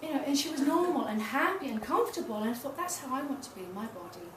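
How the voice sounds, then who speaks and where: A woman's voice: high-pitched, expressive, fast. A middle-aged woman giving a candid, self-deprecating public talk as a tantra massage teacher. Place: small event space. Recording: roomy, distant mic, noisy.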